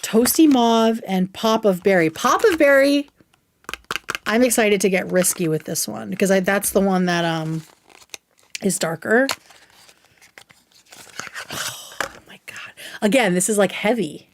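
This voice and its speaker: A young woman hosting a livestream, chatting casually and excitedly while reviewing makeup, swearing now and then. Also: mid-range voice, normal speed, a little hiss or hum. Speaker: livestream host.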